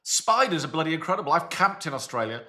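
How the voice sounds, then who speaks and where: Bright-voiced Englishman calling the match. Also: on the high side, big pitch swings, quick pace. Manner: calls the match play by play between chat. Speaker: co-host. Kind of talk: live football watchalong chat with commentary.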